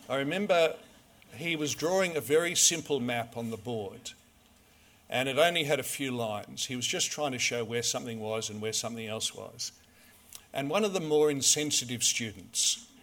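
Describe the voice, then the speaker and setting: A man preaching a sermon, measured and storytelling, full of rhetorical questions. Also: medium pitch, a bit bright, slight background noise.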